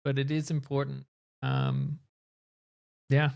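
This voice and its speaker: A man's voice: medium pitch, sing-song, takes it slowly, creaky, a little mellow. A man co-hosting a podcast, thoughtfully explaining ideas in casual conversation. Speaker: podcast co-host.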